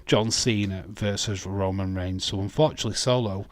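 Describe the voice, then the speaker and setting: A young Yorkshire man hosting a live wrestling watch-along, chatting loosely and swearing without a second thought. His voice sits a little low and comes through a close mic with a dry, dead sound. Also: fairly even intonation, normal speed, no room sound. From West Yorkshire, England. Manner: chatty, swears freely, laughs often, addresses chat by name.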